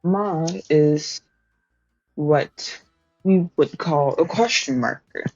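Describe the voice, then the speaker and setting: A woman streamer with a deep, darkish voice speaks extremely slowly, casually explaining language points to her chat in a study stream. She's chatty, full of fillers, laughs and swearing, captured on a slightly dull, dry home stream mic with faint music.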